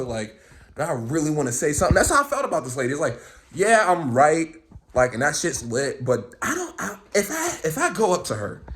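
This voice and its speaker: A young man talking straight to camera in a loose, rambling rant, swearing freely as he tells a long story. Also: high-pitched. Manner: animated, profane, rambling storyteller. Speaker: vlogger.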